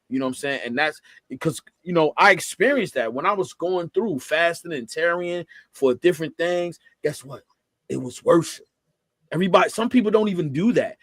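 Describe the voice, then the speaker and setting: Husky man preaching on worship. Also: dry recording. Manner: preachy, swings from low murmur to loud emphatic bursts. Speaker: podcast host. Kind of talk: casual faith talk.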